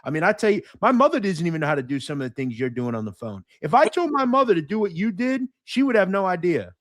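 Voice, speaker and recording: A man interviewing a guest in a relaxed conversation, quick to agree and encourage. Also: high voice, dry recording, studio quality. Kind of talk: casual interview.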